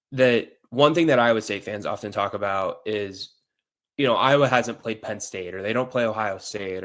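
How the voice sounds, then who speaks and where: A man with a lowish voice who grew up near St. Louis, guesting on a sports podcast. He talks casually and with feeling, peppering his points with "like.". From near St. Louis, US Midwest. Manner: animated opinions, repeated "like". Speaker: guest reporter.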